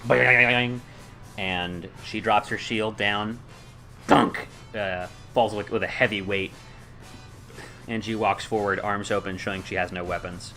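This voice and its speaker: A man narrates as game master of a tabletop game, in loose speech with many fillers and sound effects. His voice is fairly low, with a bright, edgy tone. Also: fairly even intonation, unhurried, faint music behind.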